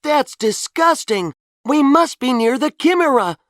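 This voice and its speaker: Female reader as a brash young hero prince, lively and a touch high, dry close sound. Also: unhurried, no echo. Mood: eager. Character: brave young male prince, bold and proud.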